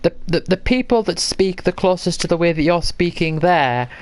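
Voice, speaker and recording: British man, casual livestream chat, stammering restarts, somewhat high pitch. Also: moderate pace, no echo. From Britain. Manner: hesitant, stammers and repeats words.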